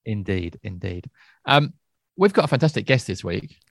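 A man co-hosting a podcast in relaxed, rambling casual chat. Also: on the low side, normal speed, vocal fry, no room sound, studio quality. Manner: relaxed, rambling, with soft laughs. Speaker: podcast co-host.

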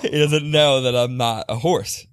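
A man's voice: mid-range voice, a little slow, clean tone, no echo, studio quality. A man playing a tabletop game, laughing often as he describes his moves. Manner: giggly, animated. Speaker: player. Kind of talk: casual tabletop game play.

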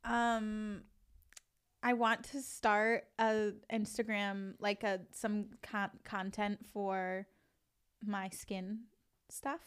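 A woman's voice: mid-range voice, flat delivery, extremely slow, smooth. A woman co-hosting a podcast, chatting casually, laughing often and talking in loose, filler-heavy sentences. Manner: giggly, chatty, lots of fillers. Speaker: podcast co-host. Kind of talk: casual chat.

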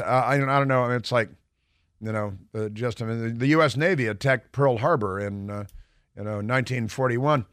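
A man's voice: medium pitch, fairly bright tone, dry recording, studio quality. A middle-aged man hosting a radio talk show, delivering opinionated commentary in a combative, mocking way with sarcastic asides. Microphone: studio microphone.

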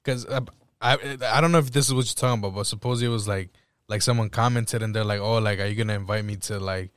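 A man talks bluntly in a casual music chat, cursing freely. His voice sits a little low and sounds smooth and resonant. The recording is dry and close. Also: steady tone, fast talker, dry recording. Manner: blunt, swears a lot. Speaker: podcast co-host.

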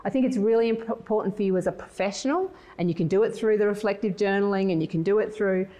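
A middle-aged woman speaking to a conference audience at a middle pitch. She talks in a loose, chatty way and drops into personal stories, restarting sentences and using filler words as she goes. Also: fast talker. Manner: lively storytelling, acts out quoted voices. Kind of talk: conference talk with personal anecdotes.

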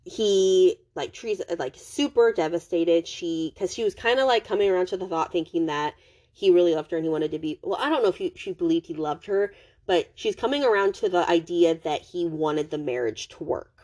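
Woman, podcast host, casual book recap, rambling, lots of "like" and "um", restarts, slightly low voice. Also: brisk, darkish tone. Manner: rambling, heavy use of "like" and "um", frequent restarts.

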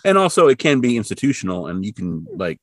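A man's voice: lowish voice, sing-song, quick pace, no room sound, studio quality. A man co-hosting a podcast, recapping an episode in casual, rambling chat and briefly putting on voices for the characters. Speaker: podcast co-host.

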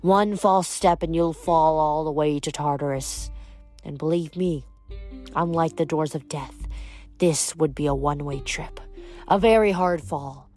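A woman's voice: sits low, darkish tone, faint music behind. A woman doing a hissing, bitter spider weaver. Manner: slow, hissing, grudging. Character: bitter vain giant female spider weaver. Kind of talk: audiobook reading.

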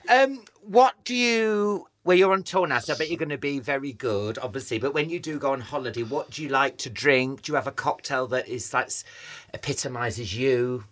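A woman interviewing a guest in casual chat, animated and acting out little scenes. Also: rumbling low, moderate pace.

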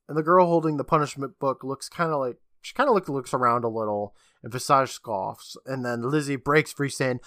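A man's voice: mid-range voice, fairly quick, few pauses, fairly bright tone, no room sound, studio quality. A man co-hosting a podcast, recapping an episode in a casual, joking storytelling manner with casual swearing. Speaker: podcast co-host.

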